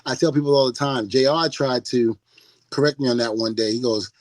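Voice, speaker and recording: A man's voice: mid-range voice, brisk, a little mellow, no room sound, rough recording. A middle-aged man on a podcast, talking casually and animatedly, laughing and mimicking people as he tells stories. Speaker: podcast guest.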